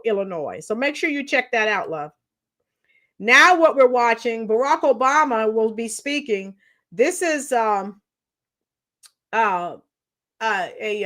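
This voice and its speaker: A chatty woman with a high, sharp-toned voice hosts a live stream, talking casually to viewers. She greets them by nickname, reads their comments aloud and laughs often.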